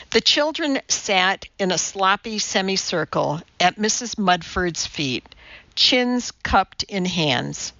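A woman narrating an audiobook in a measured storytelling manner. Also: on the low side, sing-song, bright, forceful tone, no echo, highs cut off. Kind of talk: scripted narration.

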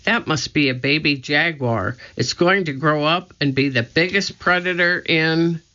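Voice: mid-range voice, a little slow, pushed and bright, muffled recording. A reader voicing a worried, bookish young boy. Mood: anxious. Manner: worried, earnest, a little anxious. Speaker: audiobook character.

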